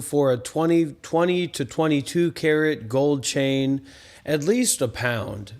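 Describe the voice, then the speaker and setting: A man's voice: on the high side, a little mellow. A man hosting a meditation livestream who talks in a rambling, exasperated way and keeps asking rhetorical questions. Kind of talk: casual livestream talk.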